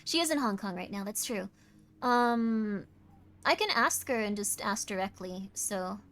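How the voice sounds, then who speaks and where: A tired woman streamer chatting casually while doing tarot readings, talking in quick self-interrupting bursts and apologizing often. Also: mid-range voice, expressive, fairly bright tone. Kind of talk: casual live-stream chat.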